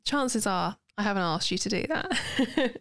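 A woman's voice: mid-range voice, expressive, a little slow, a bit bright, no room sound, clean studio sound. A woman, co-hosting a podcast, chatty and playful, laughing often and going off on tangents. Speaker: podcast co-host. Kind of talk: casual chat.

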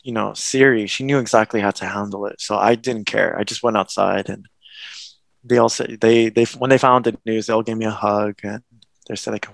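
A young man tells a personal story in a loose, rambling way, stumbling over restarts and slipping in nervous laughs. His voice has a gravelly edge to it. The sound is dry and close, with no room around it. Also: lowish voice, fairly even intonation, brisk, dry recording. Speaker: guest. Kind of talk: casual conversation, personal story.

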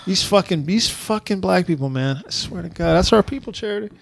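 High, lively-voiced man ranting. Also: brisk, vocal fry, a little hiss or hum. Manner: profane, exasperated ranting. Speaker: podcast co-host. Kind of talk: casual chat.

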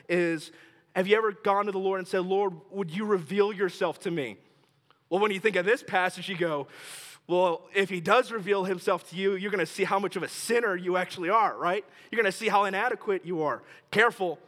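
Man preaching a sermon in a reverberant hall. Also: sits high. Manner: emphatic, repeats key phrases, drops quiet and slow for emphasis. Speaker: pastor.

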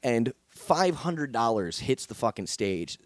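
A stand-up comedian spins a story in loose, profane chat, and his pitch swings widely as he acts out each person. The sound is close and dry, with no room around it. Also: sing-song, a little slow, no echo.

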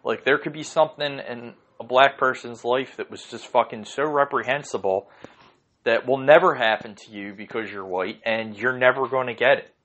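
A man's voice: medium pitch, normal speed, fairly bright tone. A man hosting a podcast from home, ranting casually and heatedly, swearing often and rambling through lots of fillers. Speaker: podcast host. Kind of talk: casual rant.

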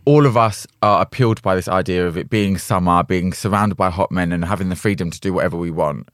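A man's voice: low voice, fast talker, no room sound, clean studio sound. A man co-hosting a podcast, teasing his friend and summing up his dating plans in casual chat. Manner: teasing, sums up and sorts out what his co-host says.

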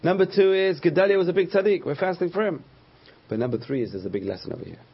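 Male rabbi, husky voice, storytelling lecture that acts out quotes; lo-fi recording. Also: a little high, lively intonation, fast talker. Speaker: rabbi teaching a class. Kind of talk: Torah class lecture.

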